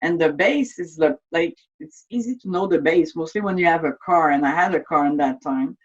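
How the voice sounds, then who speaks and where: Halting French-native woman, heard from afar. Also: low voice. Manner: halting, repeats words and restarts sentences; earnest, openly emotional recounting. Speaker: interviewee. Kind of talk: personal testimony interview. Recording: distant, slightly dull mic sound.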